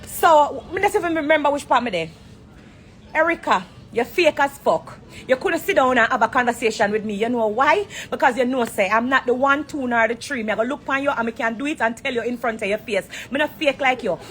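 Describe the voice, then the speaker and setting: Jamaican woman, high-pitched, confrontational, swears freely, live from an airport on her phone. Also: a little fast, fairly bright tone, slight background noise. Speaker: entertainer on a social media live. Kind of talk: heated live-stream rant. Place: airport corner, indoors.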